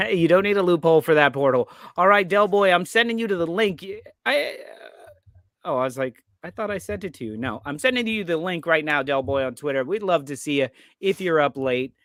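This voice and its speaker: Casting: American man as live-show host, a bit high-voiced, loose and chatty, dry close sound. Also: animated, a little fast, a bit bright, no room sound. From United States. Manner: laid-back, rambling, reads out viewer comments. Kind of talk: casual live-stream chat.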